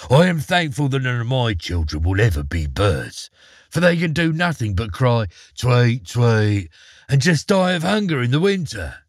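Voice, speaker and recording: A man's voice: medium pitch, very animated, moderate pace, no room sound, studio quality. A man doing a pompous, cold-hearted old mole. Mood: disdainful. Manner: pompous, disdainful. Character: rich, learned, cold-hearted male mole.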